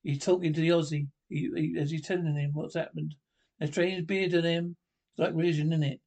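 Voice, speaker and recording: An actor playing a chatty working-class bloke telling a rambling anecdote about a mate, in a sketch comedy show. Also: male voice, fairly high pitch, level tone, a little fast, darkish tone. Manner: rambling, casual, self-correcting storytelling.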